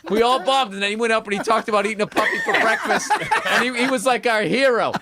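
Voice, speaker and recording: A man telling profane, animated anecdotes as a comedian guest in casual podcast chat. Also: high-pitched, quick pace, heavy background noise.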